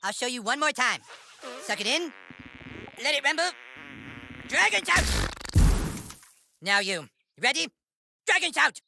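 A man's voice: extremely high pitch, lively intonation, normal speed, long pauses, background noise. An actor playing a crude, bossy young boy acting as a mock-solemn fantasy mentor in a video game. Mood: coaching. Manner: mock-solemn, foul-mouthed. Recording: game audio with loud music.

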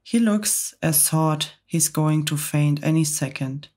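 A woman softly voicing a bossy male centipede in a whispered role-play storybook reading, brisk and demanding. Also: low-pitched.

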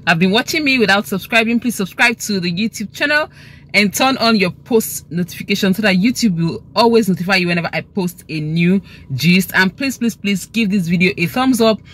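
A woman's voice: mid-range voice, fairly quick, fairly bright tone. A young Nigerian woman chatting through a casual gossip vlog from inside her car, slipping into Pidgin as she talks. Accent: Nigerian English. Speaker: gossip vlogger.

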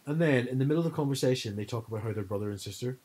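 A man co-hosting a podcast, telling stories in an animated, casual chat full of fillers. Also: mid-range voice, very fast, husky, rough recording. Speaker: podcast co-host.

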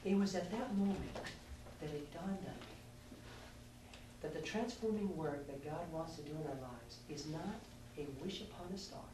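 A man's voice: on the high side, expressive, moderate pace. A man, a pastor, preaching a sermon in a candid, self-mocking storytelling manner, with asides to the congregation. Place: large hall at a youth conference. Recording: echoey hall with distant mic and noise.

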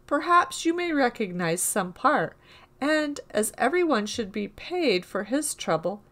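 Woman reading sly robber guy, sweet-talking, flattering, storybook. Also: medium pitch. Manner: coaxing, flattering. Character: cunning male robber in disguise, smooth-talking.

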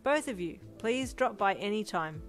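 A cheery middle-aged mum calls out high and loud, welcoming and bright, as a woman puts her on. It is an audiobook fanfic reading with music behind. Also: animated, normal speed, lightly acted.

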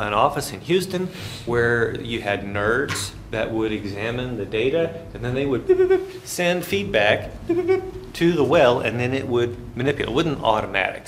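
A middle-aged man giving a classroom finance lecture in a lively, folksy storytelling manner, sometimes making sound effects. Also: medium pitch, slight background noise.

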